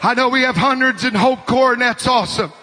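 High, bright-voiced preacher shouting a sermon. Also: male voice, a little fast, a faint crowd, slight background noise. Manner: shouting, urgent preaching with call-and-response. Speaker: pastor.

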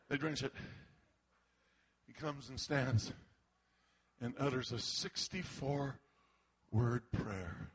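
A man preaching a sermon, acting out the quotes as he goes and breaking into shouts. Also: mid-range voice, takes it slowly, pauses often, breathy edge. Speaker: pastor.

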